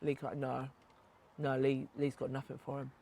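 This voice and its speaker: A woman's voice: extremely low pitch, monotone, moderate pace, dark tone, a little hiss or hum. A woman, a podcast co-host and author, retelling a story bluntly with plenty of swearing, recorded outdoors in a back garden. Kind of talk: casual chat, storytelling.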